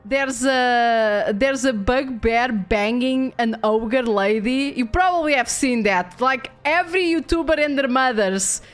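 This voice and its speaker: High-voiced chatty young woman streamer. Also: measured pace, few pauses. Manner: chatty, frequent fillers and restarts, laughs often. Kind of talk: casual game-stream chat.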